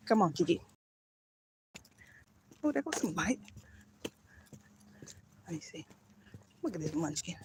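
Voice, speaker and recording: A woman's voice: lowish voice, sing-song, takes it slowly, long pauses, noisy background. A woman livestreaming casually while she walks her dog outside at night, rambling and breaking off to call the dog, talking into a handheld phone. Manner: talks while walking. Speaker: vlogger on a live stream. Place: outdoors at night. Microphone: phone held by hand.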